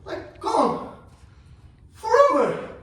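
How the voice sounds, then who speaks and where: A high-voiced, cocky young guy, as an actor plays him, rattled and swearing through a restless stage monologue. The sound is very echoey, and the mic sits some way off. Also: wildly swooping pitch, extremely slow, fairly bright tone, heavily acted. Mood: agitated rant. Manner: profane, rambling, restless. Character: cocky, rattled young man ranting about family. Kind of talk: theatrical monologue. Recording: echoey room, mic far off.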